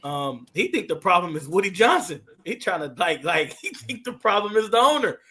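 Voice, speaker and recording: A man, a former pro football player, co-hosting a casual sports chat in a loose, slangy, excitable way. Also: high-pitched, moderate pace, breathy edge.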